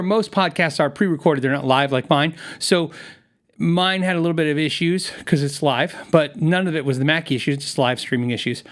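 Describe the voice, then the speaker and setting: A man hosts his own live stream, talking loosely and telling stories on the fly. His voice sits a little on the high side, close on a studio microphone. He laughs easily and wanders off on tangents. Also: a bit bright. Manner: chatty, rambling, laughs often. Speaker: podcast host. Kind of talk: casual live-stream chat. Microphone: studio mic with headphones.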